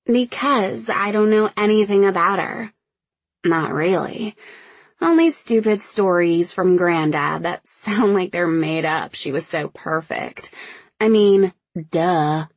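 Audiobook: woman narrating a sarcastic teen girl, brighter and livelier than the narration, husky undertone. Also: on the low side, expressive, slow, no echo, exaggerated voice.

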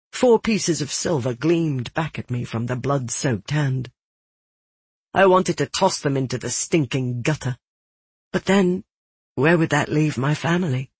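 A man reading a dark first-person novel aloud in a measured, grim storytelling manner. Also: fairly high pitch, husky, no echo. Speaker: audiobook narrator. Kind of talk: scripted first-person fiction narration.

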